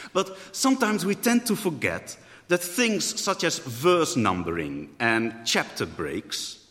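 A man's voice: mid-range voice, sharp tone. A man preaching a sermon in a thoughtful way, often rephrasing mid-sentence. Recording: echoey hall.

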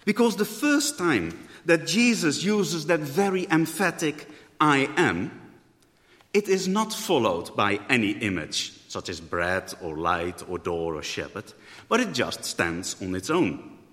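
A man's voice: medium pitch, big pitch swings, unhurried, fairly bright tone. A man preaching a sermon in a thoughtful way, often rephrasing mid-sentence. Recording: echoey hall.

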